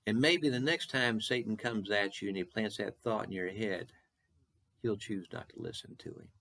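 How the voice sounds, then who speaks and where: Gravelly-voiced man from Texas preaching. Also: lowish voice, fairly bright tone. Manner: earnest, rising and falling emphasis with slow repeated questions. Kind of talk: short devotional sermon.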